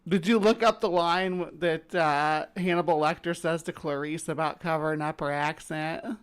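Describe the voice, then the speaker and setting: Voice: mid-range voice, steady tone, normal speed, clear, resonant tone. A live stream host from Missouri with a slight Southern accent, rambling casually with many fillers while reacting to videos.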